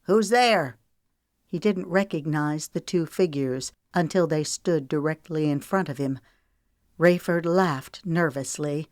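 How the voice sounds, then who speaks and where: A woman author narrating her own historical novel in a measured, dramatic reading. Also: low-pitched, darkish tone, no echo, clean studio sound. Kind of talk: audiobook narration.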